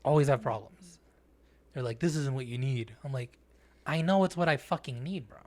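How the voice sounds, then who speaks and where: A man with a mid-range voice co-hosts a podcast at a moderate pace. In loose, profane banter he tells an animated story, acting out what the other people said.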